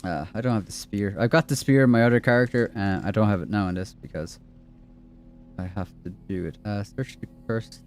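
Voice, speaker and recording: A man's voice: fairly low pitch, brisk, darkish tone, faint music behind. An Irish man chatting loosely over gameplay, rambling with fillers and restarts. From Ireland. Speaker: gaming streamer. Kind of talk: casual gameplay commentary.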